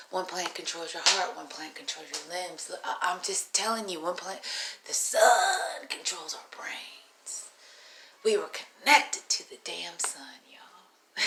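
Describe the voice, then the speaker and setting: A woman telling a rambling personal story in a casual vlog, animated and profane, laughing often. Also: medium pitch, background noise. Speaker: vlogger. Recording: roomy echo.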